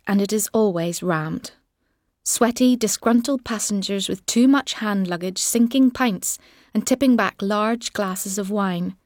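Woman reading an audiobook, wry and measured, mid voice, dead dry recording. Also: medium pitch, darkish tone, no echo. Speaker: audiobook narrator. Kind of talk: literary second-person narration.

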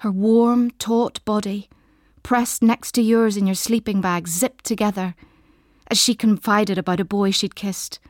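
Slow, intimate woman narrating an audiobook. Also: mid-range voice, fairly even intonation, dry recording, clean studio sound. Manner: slow, measured, intimate and soft.

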